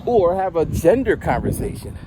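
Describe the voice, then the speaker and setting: A man's voice: sits high, very animated, normal speed, background noise. A man in his forties rambling casually to the camera while out on a walk, switching into other people's voices to act them out. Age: 40s. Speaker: vlogger and rapper. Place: outdoors on a walk.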